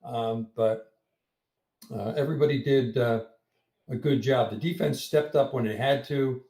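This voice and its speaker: A man's voice: medium pitch, unhurried, mellow. A man co-hosting a casual post-game sports talk, speaking hesitantly with lots of fillers. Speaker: podcast co-host. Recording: echoey room.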